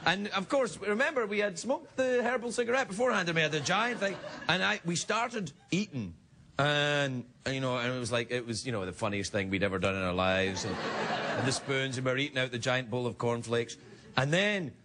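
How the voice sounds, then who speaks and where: A man's voice: medium pitch, fairly quick. A man in his thirties telling a comic anecdote, laughing often through his words. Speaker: storyteller. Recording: noisy recording.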